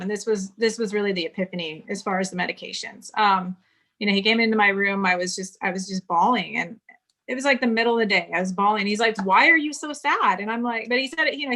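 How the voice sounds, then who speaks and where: Bright-voiced woman telling her story. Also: mid-range voice. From California. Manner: candid storytelling, quotes others in dialogue. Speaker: guest. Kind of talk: casual interview conversation.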